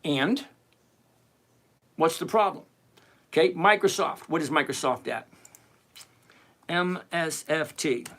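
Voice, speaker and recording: Animated man hosting a trading livestream. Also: a little high, slow, long pauses. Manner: animated, teasing, emphatic with repetition. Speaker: livestream host answering chat questions. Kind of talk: casual livestream chat.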